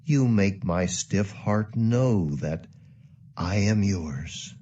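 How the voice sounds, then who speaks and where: Audiobook: male reader voicing a wary loyal queen, dark lively lilt, solemn. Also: fairly low pitch, extremely slow, exaggerated voice. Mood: pleading. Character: wary faithful queen, grown-up woman, guarded. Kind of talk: audiobook reading of an epic poem. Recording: muffled roomy audio.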